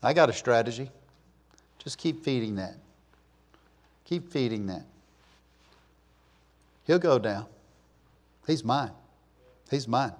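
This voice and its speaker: A man's voice: high voice, expressive, fairly quick, fairly bright tone, pitched above the performer's own voice. A man preaching a sermon voices the devil as a patient, predatory schemer muttering his plans. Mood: scheming. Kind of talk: sermon with acted quotes.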